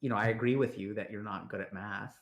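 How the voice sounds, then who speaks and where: A man with a lowish voice talks in a gentle, supportive way, stumbling and repeating words as he gathers his thoughts. He comes through a video call with a roomy echo around him. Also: steady tone. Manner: halting, repeats words when starting a sentence. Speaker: guest counselor on a stream. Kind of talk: supportive conversation.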